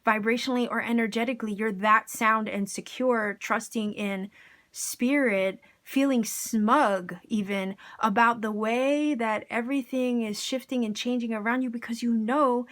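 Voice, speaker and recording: A woman's voice: a little high, steady tone, moderate pace, fairly bright tone. A woman giving a casual tarot reading to her viewers, enthusiastic and encouraging, with plenty of slang. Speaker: tarot reader.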